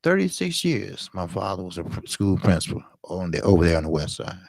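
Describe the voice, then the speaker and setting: Deep gravelly man telling stories. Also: a little fast, slight background noise. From Chicago, south side. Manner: animated, profane storytelling, acts out his younger self in a high voice. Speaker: boxing channel host. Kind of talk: casual storytelling monologue.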